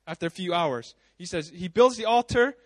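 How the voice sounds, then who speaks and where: High-voiced man preaching casually. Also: moderate pace, no room sound. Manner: casual, animated storytelling with frequent asides. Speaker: pastor. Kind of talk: sermon. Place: church service.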